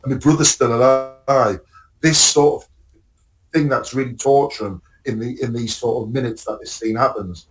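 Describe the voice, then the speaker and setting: A man's voice: medium pitch, moderate pace. A man co-hosting a podcast, casually recapping TV episodes, rambling and swearing, acting out scenes. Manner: rambling, swearing, acts out scenes with bursts of excitement. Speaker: podcast co-host. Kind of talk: casual chat about TV shows.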